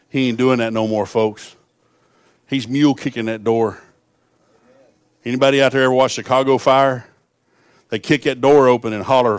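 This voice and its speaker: A middle-aged man preaching in a drawl, at a middle pitch for a man. He trades homespun stories for fervent calls to the congregation. The sound is dry, with almost no room echo. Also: fairly even intonation, normal speed, clean tone. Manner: folksy storytelling, swelling to fervent appeals. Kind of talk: sermon.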